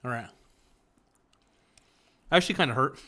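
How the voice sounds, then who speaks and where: A man's voice: medium pitch, animated, moderate pace, sharp tone. A young man chats live from his home, reading out comments as they come in. He rambles and jokes, often at his own expense. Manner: rambling, joking, self-mocking. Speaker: live streamer reading chat. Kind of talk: casual livestream chat.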